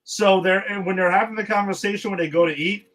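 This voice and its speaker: A man with a slightly high voice talks through the latest TV episodes with his co-host. He rambles, restarts his sentences and retells scenes by quoting the characters. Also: steady tone, quick pace, fairly bright tone, poor audio. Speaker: podcast co-host. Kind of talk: casual chat recapping TV episodes.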